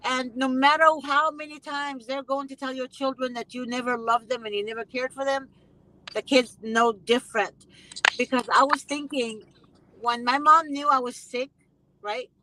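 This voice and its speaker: A woman's voice: high voice, fairly even intonation, normal speed, sharp tone, rough recording. A woman hosting a casual conversation, talking emphatically and passionately and often repeating herself for weight. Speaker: host; mother.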